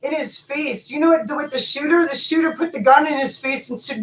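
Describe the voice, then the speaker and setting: A woman delivers an impassioned, profane rant straight to camera, repeating her words for emphasis as she demands justice. Her high voice moves fairly quickly with few pauses, recorded in an echoey room with poor audio.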